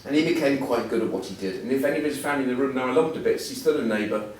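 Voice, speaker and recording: A man's voice: mid-range voice, expressive, very fast, a little mellow. Older guy in his 60s doing a funny self-deprecating speech, big echoey room, faint hum behind. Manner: self-deprecating, humorous storytelling. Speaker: guest speaker. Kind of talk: anecdotal after-dinner talk. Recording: echoey hall, mic at a distance.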